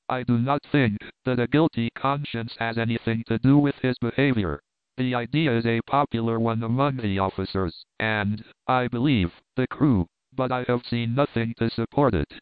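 Smooth-voiced man narrating a story. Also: medium pitch, no room sound. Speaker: audiobook narrator. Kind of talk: scripted narration of a classic story. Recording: narrow phone-like band, dry.

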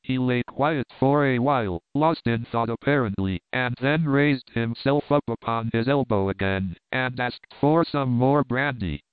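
A man giving a measured, even narration of a classic story. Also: mid-range voice, clean tone, no room sound. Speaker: audiobook narrator. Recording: narrow phone-like band, dry.

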